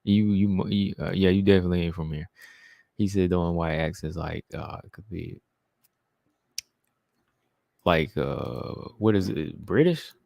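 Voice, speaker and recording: Male stream host, deep and gravelly, casual chatty delivery, dry sound. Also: moderate pace, pauses often, dry recording, muffled recording. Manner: chatty, answers viewers, says "man" a lot. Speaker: livestream host reading chat. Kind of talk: casual live-stream chat.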